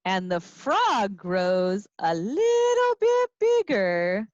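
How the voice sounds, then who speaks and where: A woman teacher reading a picture book and singing to young children in an expressive, playful way, with little gasps and asides. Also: medium pitch, extremely slow, dry recording. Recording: dry, slightly dull lo-fi sound.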